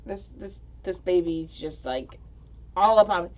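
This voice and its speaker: A woman's voice: on the low side, measured pace. A woman hosting a casual livestream from home, rambling and giggly, often tripping over her words as she reads the chat. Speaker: livestream host reading chat.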